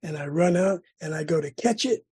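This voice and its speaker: Very husky middle-aged man testifying. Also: fairly high pitch, fairly quick. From California. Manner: dramatic storytelling with sudden loud outbursts and rhythmic repetition. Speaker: recovery meeting speaker. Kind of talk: personal recovery testimony. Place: recovery meeting room.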